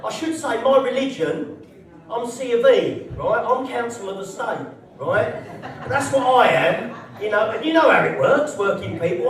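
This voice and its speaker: A man's voice: very high-pitched, a bit bright, very echoey, recorded from a distance. A man performing a live stand-up set in a social club, brash, sweary and mocking. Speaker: stand-up comedian. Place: social club comedy night, indoors.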